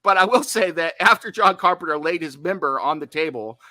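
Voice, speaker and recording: A man's voice: fairly high pitch, animated, brisk, pushed and bright, no room sound. A man co-hosting a horror movie podcast, chatting casually with jokey, self-deprecating asides. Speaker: podcast co-host.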